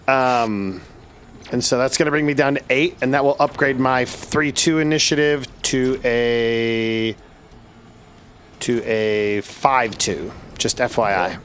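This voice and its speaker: A man's voice: mid-range voice, slow pace, a bit bright, slight background noise. Chatty man explaining game rules. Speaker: player. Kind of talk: casual tabletop game chat.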